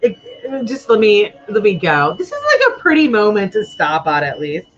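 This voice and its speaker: A woman's voice: mid-range voice, wildly swooping pitch, moderate pace, highs cut off. A woman rambling and chatting to herself as she plays through a game. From United States. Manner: rambling and chatty, talks to herself while playing. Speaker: gamer playing through a game. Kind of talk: let's play commentary.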